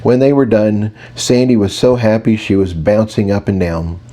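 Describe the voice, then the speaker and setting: A man's voice: on the low side, fairly even intonation, normal speed, dark tone. A man narrating a fantasy audiobook in the first person, wry and conversational.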